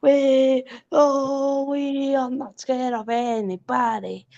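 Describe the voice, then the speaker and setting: Playful female co-host who heckles slowly, recorded on a dull, muffled mic. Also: sits high, level tone, creaky, a little mellow. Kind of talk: casual live commentary chat.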